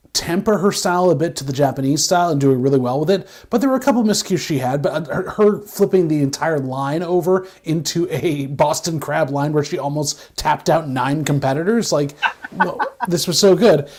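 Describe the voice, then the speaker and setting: Higher-voiced rambling male co-host. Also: normal speed. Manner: animated, rambling, stumbles and restarts. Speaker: podcast co-host. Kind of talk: casual wrestling recap chat.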